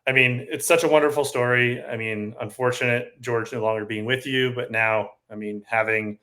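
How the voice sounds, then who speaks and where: A man's voice: medium pitch, steady tone, normal speed, bright, forceful tone. Affirming male podcast host. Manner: affirming, rephrases the guest's points. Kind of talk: casual interview chat.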